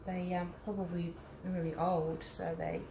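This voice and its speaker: An Australian woman with a lowish voice chats casually with live viewers as she paints, speaking a little slowly in a flat way. She's an art teacher and vlogger, and her asides come across as friendly and teacher-like. The room has an echo and a faint hum.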